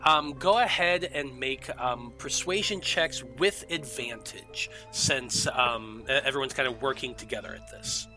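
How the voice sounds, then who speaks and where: A man's voice: mid-range voice, measured pace, few pauses, music in the background. A man narrating as game master of a tabletop game, talking loosely with many fillers.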